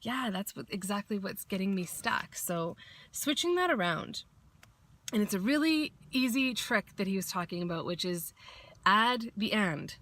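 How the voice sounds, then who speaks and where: A woman's voice: mid-range voice, expressive, moderate pace, fairly bright tone. Woman vlogger, casual pep talk, blunt and sweary, acts out quotes.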